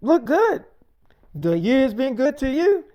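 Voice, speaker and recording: A man's voice: extremely high pitch, sing-song, takes it slowly, mellow, pitched above the performer's own voice, heavily acted. A man voicing a smug, scheming male devil, sly and needling. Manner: needling, sly, mock-hurt.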